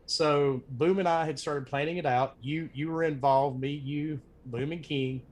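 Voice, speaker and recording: Southern man telling a story, slightly high voice. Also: unhurried. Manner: relaxed, rambling, repeats himself. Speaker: podcast host. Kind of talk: casual storytelling at a tribute.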